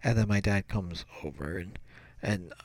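Speaking in a deep, unhurried voice, a man shares a childhood memory in a relaxed, animated way, wandering off track and fixing his own words as he goes. The audio is dry.

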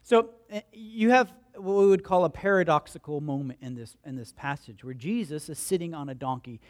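A pastor delivers a lively, conversational sermon, acting out the people in his stories. His voice sits high for a man, and he turns to ask his congregation questions as he goes. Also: fairly quick. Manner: animated storytelling, acts out voices and crowd quotes.

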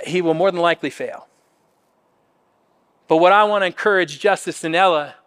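A pastor in his fifties preaching a sermon in a church, earnest, sometimes dropping to a soft near-whisper for emphasis. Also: high voice, normal speed, pauses often, clear, resonant tone, long reverb tail. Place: church auditorium.

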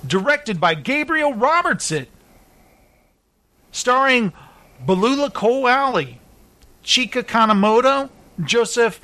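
A man's voice: high voice, pushed and bright. A man hosting a casual chat who jokes around, reads film blurbs and stumbles over names. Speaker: host.

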